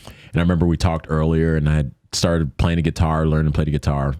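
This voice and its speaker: A man's voice: a bass voice, fast talker, clean tone, dry recording, studio quality. A man as a podcast guest, telling a personal story in a loose, rambling way and acting out the voices of people in it. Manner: animated, acts out quoted voices. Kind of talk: casual storytelling.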